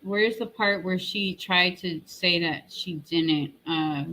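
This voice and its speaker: A woman's voice: lowish voice, slow pace, pushed and bright, a little hiss or hum, rough recording. A woman hosting a commentary channel, retelling an online argument in a sarcastic, mocking tone and reading out comments. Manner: rambling with fillers and restarts.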